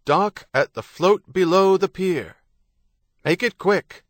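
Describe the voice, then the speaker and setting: A man reading an audiobook, voicing a mocking man bawling orders through a loud hailer, raised and loud. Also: high-pitched, slow, dry recording, studio quality, voice pushed up. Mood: taunting shout. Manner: bawling, taunting.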